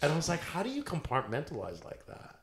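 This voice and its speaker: A man's voice: on the high side, wildly swooping pitch, quick pace, a loud crowd. A man hosting a comedy podcast, joking crudely and laughing often as he talks. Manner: laughs often, jokey and provocative. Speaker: podcast host. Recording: echoey room with faint noise.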